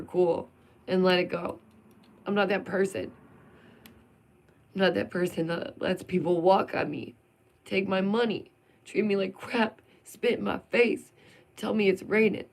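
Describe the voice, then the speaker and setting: A woman vlogger venting in an emphatic, sarcastic monologue full of rhetorical questions. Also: mid-range voice.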